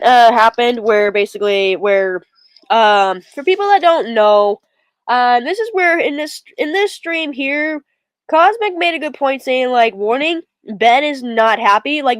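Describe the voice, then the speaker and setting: A woman's voice: fairly high pitch, dry recording. A woman hosting a show, casually narrating over a clip with lots of fillers. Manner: rambling, filler-heavy, talks to viewers. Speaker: show host.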